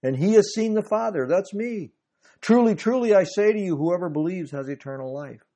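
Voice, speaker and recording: A man's voice: high-pitched, lively intonation, normal speed, dark tone. A man preaching a sermon, reading scripture aloud and explaining it, with emphatic swells in his delivery.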